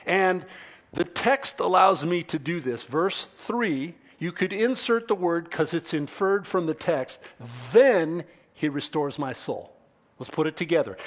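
Slow-preaching man with a high voice. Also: lively intonation. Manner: slow, deliberate preaching that swings from quiet to emphatic. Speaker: pastor. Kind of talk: sermon.

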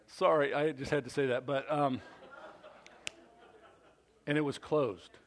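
A male pastor preaching a sermon at a church service, telling a story with animated delivery and frequent questions to the congregation. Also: medium pitch, a little slow.

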